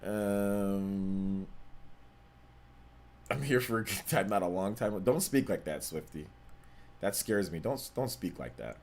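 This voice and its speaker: A young man hosting a gaming livestream. He chats casually, reads out donations and viewer questions, and repeats himself in relaxed slang. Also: on the low side, moderate pace, creaky, husky. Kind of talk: casual live-stream chat, reading donations and chat.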